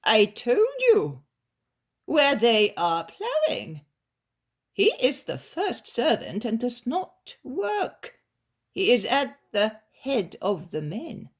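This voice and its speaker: Woman doing a squeaky greedy rich man, shrill, loud, high-pitched, husky edge. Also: wildly swooping pitch, slow pace, heavily acted. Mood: indignant. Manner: shrill, pleading and blustering. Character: greedy boastful rich male landowner.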